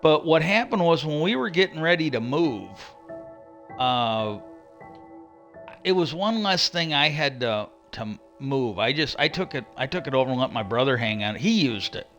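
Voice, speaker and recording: Male streamer, casual ranting storyteller, rambling and profane, with a bright voice. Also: fairly high pitch, animated, moderate pace, soft background music.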